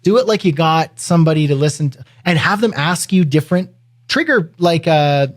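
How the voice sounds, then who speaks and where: A man co-hosting a podcast, talking in an energetic, emphatic way. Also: a little high, moderate pace. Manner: energetic, emphatic, acts out quotes. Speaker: podcast co-host. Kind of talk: casual podcast chat.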